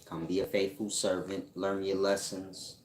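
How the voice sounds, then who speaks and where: Slow, low-voiced man joking on a livestream. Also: flat delivery, roomy sound, slight background noise. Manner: joking and teasing, laughs often, slangy and rambling. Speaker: livestream host and self-styled spiritual teacher. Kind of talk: casual livestream chat reading out viewer comments.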